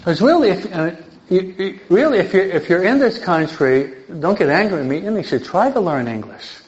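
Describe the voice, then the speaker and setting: An older man, a priest teaching an adult catechism class in a lively sermon style, emphatic and often checking in with his listeners. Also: high-pitched, moderate pace. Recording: dull lo-fi recording.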